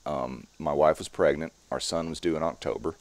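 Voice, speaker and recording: A man in his late forties, a strongman performer, explaining calmly and at length in a podcast interview. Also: a bass voice, vocal fry, no echo. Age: 40s. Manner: calm, measured, explanatory.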